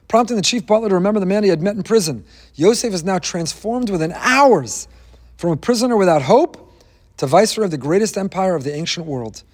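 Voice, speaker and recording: High-voiced man teaching Torah. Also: in a large hall. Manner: emphatic storyteller, sprinkles Hebrew terms. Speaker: rabbi teaching the weekly Torah portion. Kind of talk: sermon, Torah class.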